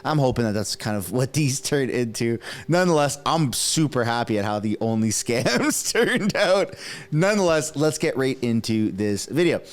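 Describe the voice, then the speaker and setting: A man in his thirties who grew up speaking French, hosting his own political commentary channel. He talks casually and excitably, mocking his targets and often bursting into enthusiasm. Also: mid-range voice, normal speed. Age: 30s.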